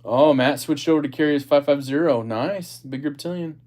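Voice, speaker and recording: Chatty male livestream host, higher voice. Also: normal speed, darkish tone. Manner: chatty, reads viewer comments aloud, apologetic asides. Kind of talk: casual livestream chat.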